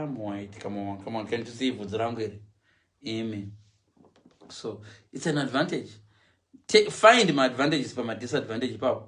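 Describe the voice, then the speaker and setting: Animated Zimbabwean man telling comic stories. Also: medium pitch. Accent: Zimbabwean English. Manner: lively, mimics other people's voices, laughs mid-story. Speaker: parent telling stories on a livestream. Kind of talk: animated comic storytelling, switching between Shona and English.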